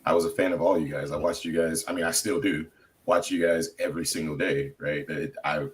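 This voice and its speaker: A man's voice: a bass voice, steady tone, a little fast. A laid-back man chatting casually as a guest on a video call. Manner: laid-back, says bro. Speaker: guest crypto streamer. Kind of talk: casual live-stream chat.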